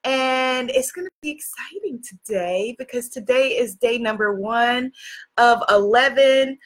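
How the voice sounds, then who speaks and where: A high-pitched woman with a bright, sparkling voice hosts a spiritual livestream from a makeshift home studio. She is in her forties and talks effusively, greeting viewers by name and building toward inspirational encouragement. She is picked up through a phone or computer camera mic. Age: 40s. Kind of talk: casual livestream talk.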